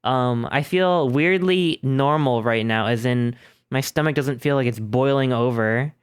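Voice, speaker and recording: Smooth, dry-voiced young man rambling on stream. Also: medium pitch, a little slow, dry recording. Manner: rambling, chatty, self-deprecating, with many restarts. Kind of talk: casual live-stream chat. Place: home streaming setup. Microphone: desk microphone through an audio interface.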